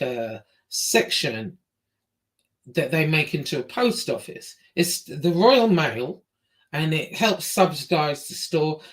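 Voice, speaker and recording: A woman from England with an English accent, telling a story in casual talk, bluntly and with some swearing, jumping up in pitch as she acts out what people said. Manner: lively, acts out quotes with big pitch jumps.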